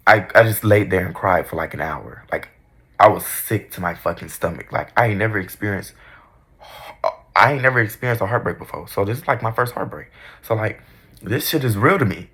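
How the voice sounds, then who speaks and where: Husky young man telling a storytime. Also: lowish voice, moderate pace, a bit bright. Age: young adult. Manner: candid, profane and dramatic. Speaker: vlogger. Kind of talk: casual storytime.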